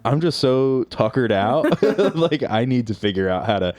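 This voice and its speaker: A man voicing a weary, exhausted male emperor in a high, whiny, drawn-out complaining voice. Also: animated, darkish tone, natural voice. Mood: worn out.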